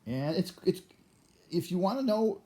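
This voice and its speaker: A man's voice: high-pitched, very animated, unhurried, dark tone. An older man talking to the camera in a rambling monologue, often stammering and restarting his sentences. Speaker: vlogger.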